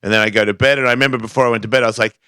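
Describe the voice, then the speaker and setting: A man's voice: medium pitch, steady tone, rapid-fire, bright, forceful tone, clear, resonant tone, no echo, clean studio sound. A man telling a personal story on a talk show, acting out the voices he quotes. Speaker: guest skateboarder. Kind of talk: casual storytelling.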